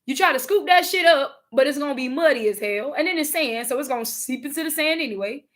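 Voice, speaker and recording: High-voiced animated woman, Southern twang. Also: fast. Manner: animated, profane, laughing, repeats words. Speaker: spiritual content creator. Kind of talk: casual spiritual vlog talk.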